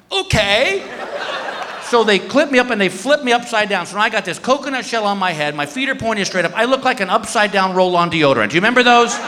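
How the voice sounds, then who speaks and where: A middle-aged man doing stand-up, telling a story in an animated way and acting out other people's voices. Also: noisy background. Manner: animated, acts out other voices with big pitch jumps. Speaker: stand-up comedian. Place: stage in a large hall. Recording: live hall recording with faint room ambience.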